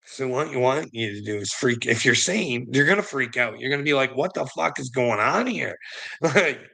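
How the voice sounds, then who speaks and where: An agitated man vents straight to his audience, swearing heavily and laughing nervously between thoughts. His voice is gravelly and raspy, with a bright, tense edge. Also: mid-range voice, expressive, normal speed. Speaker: vlogger. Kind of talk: rambling monologue to camera.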